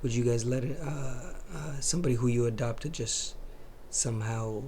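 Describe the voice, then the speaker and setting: A man hosting a reaction video, commenting casually in a slow, drawn-out way and swearing freely. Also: medium pitch, steady tone, darkish tone, a little hiss or hum.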